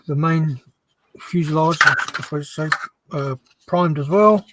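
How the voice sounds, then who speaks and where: A man's voice: on the high side, a little slow, very noisy. A man chatting as a guest on a livestream, hesitant and full of ums. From England. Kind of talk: casual chat.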